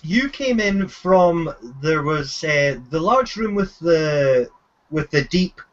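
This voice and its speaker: A man running a tabletop game as game master, narrating haltingly and repeating words, in a dull lo-fi recording. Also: fairly high pitch, expressive.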